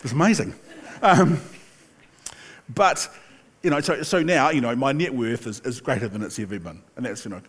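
An older man delivers a sermon as if telling stories among friends, easygoing and conversational. His voice sits in an ordinary middle pitch, and he breaks off now and then for a laugh or an aside. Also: moderate pace, pauses often, husky. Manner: chatty storytelling with laughs and asides. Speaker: pastor.

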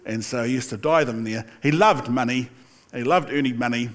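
An older man preaching a sermon in a relaxed, chatty storytelling way, with asides and the occasional laugh. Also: medium pitch, a little fast. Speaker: pastor.

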